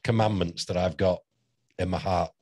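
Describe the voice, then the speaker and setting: A man's voice: sits low, steady tone, normal speed, a little mellow, dry recording. A man around sixty, hosting an interview and rambling through anecdotes with frequent laughter. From St Helens, near Liverpool, England. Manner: rambling anecdotal storyteller who laughs often. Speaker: host. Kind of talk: casual interview chat.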